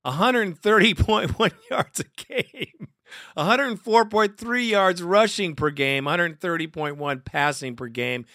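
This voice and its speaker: Excitable man hosting a fan podcast. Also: sits high, unhurried, no echo, studio quality. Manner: emotional, rambling, laughs often. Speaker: podcast host. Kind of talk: casual fan podcast commentary.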